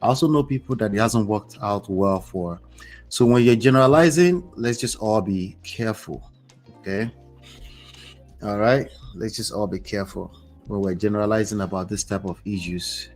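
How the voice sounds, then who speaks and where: A man's voice: lowish voice, moderate pace, darkish tone, soft background music. A man hosting a livestream, reading a story aloud and breaking off for chatty asides to his viewers. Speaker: host.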